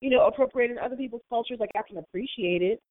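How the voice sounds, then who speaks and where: Animated woman telling stories over a tinny line. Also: on the high side, rapid-fire, no room sound. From Maryland, USA. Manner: animated storyteller who acts out quotes in other voices. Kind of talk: casual chat. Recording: dry, tinny phone-like sound.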